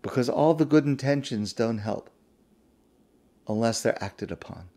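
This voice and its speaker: A man's voice: medium pitch, measured pace, warm tone. A man, a rabbi, giving a weekly Torah talk, stressing key words by repeating them.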